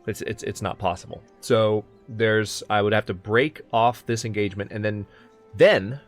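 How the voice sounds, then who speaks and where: A man hosting a let's play, chatting casually and thinking aloud as he plays. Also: mid-range voice. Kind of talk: casual gaming commentary.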